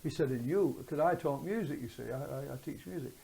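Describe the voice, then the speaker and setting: A woman's voice: low voice, fairly quick, creaky, warm tone, poor audio. An older woman telling rambling stories in an oral history interview. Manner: rambling anecdotal storytelling. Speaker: interviewee, former swimming teacher.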